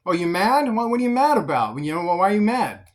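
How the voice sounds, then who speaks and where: A man's voice: high-pitched, very animated, quick pace. A man voicing God, blunt and stern. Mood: mocking. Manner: plain-spoken, scornful toward the unfaithful. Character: God, a stern, blunt male deity judging offerings.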